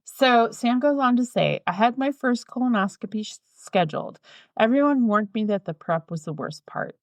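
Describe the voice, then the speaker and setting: A woman's voice: a little high, animated, moderate pace, no room sound. A woman co-hosting a podcast, chatting casually and reading listener mail aloud with playful asides. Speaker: podcast co-host.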